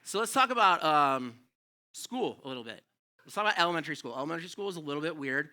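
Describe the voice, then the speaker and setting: Middle-aged guy doing stand-up, fairly high voice, really bright and punchy, swears constantly and rambles. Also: animated, quick pace. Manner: rambling, profane, self-deprecating. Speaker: stand-up comedian. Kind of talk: live stand-up set. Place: comedy club stage.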